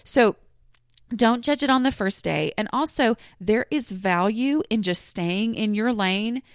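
This is casual solo podcast talk from a woman whose voice sits a little high and moves with lively intonation at a measured pace. She rambles, restarts and fills pauses freely, and the dry recording is of studio quality.

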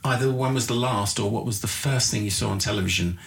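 A man's voice: fairly low pitch, fast, vocal fry. A man hosting a podcast in a casual, jokey chat, swearing freely. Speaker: podcast host. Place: backstage green room at a comedy club. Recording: echoey room with noticeable background noise.

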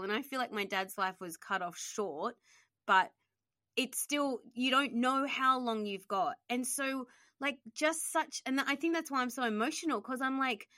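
A woman hosting an interview, talking fast and emotionally with lots of fillers while grieving. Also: fairly high pitch, bright, forceful tone, no room sound, clean studio sound. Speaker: podcast host.

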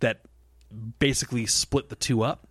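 A man's voice: mid-range voice, fairly even intonation, normal speed, a bit bright, no echo, clean studio sound. A man co-hosting a casual podcast, telling a rambling story, laughing often and acting out the lines of the people he quotes. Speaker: podcast co-host.

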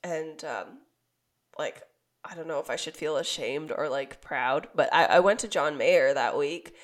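A young woman co-hosting a podcast, hoarse and raspy from being sick, telling a rambling story with laughs. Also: sits low, unhurried. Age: young adult. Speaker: podcast co-host. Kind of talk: casual chat.

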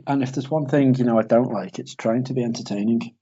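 Male co-host, dark husky voice, rambling jokey banter. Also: medium pitch, fast talker, dull audio. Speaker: podcast co-host. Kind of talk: casual podcast banter.

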